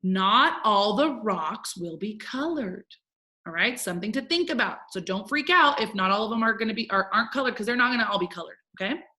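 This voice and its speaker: A woman's voice: mid-range voice, animated, brisk, pushed and bright. Cheerful woman teaching young kids. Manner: upbeat, encouraging, talks to children. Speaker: first grade teacher. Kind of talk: recorded remote phonics lesson.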